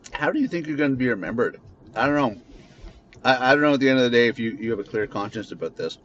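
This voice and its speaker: A man's voice: mid-range voice, animated, fast talker, a bit bright. A man hosting a podcast, venting bitterly and swearing in an unscripted monologue while driving. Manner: bitter, venting ranting with profanity. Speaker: podcast host. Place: in a car. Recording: dull lo-fi sound with faint noise.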